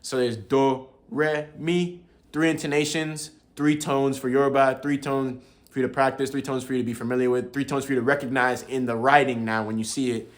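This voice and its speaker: A young man explains tones to his viewers quickly, his medium-pitched voice holding a level tone. The language learner sounds relaxed and talkative, often chuckling and using bro.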